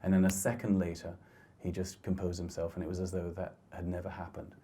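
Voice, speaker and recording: A middle-aged man with a low, mellow voice talks through his photographs in a lecture hall. He speaks gently and thoughtfully, often stopping to restart his sentences. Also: monotone, a little fast, slight background noise. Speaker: photographer giving a talk. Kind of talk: reflective slide talk.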